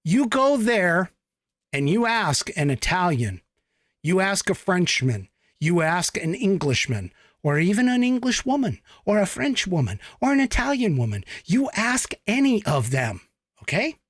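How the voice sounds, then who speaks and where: A man's voice: high-pitched, very animated, normal speed, no echo, clean studio sound. A man from the United States hosting a podcast, giving a blunt, emphatic political commentary monologue with profanity. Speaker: podcast host.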